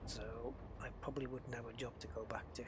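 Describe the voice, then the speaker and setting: A man with a mid-range, fairly flat voice chats casually and briskly while live-streaming a space game, greeting viewers by name and thinking out loud. The recording is very noisy.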